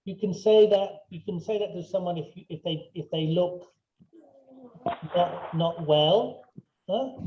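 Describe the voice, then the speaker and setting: A man's voice: high voice, measured pace, highs cut off, slight background noise. A man teaching English in an online class, patient and repetitive, checking often that students follow. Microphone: video call.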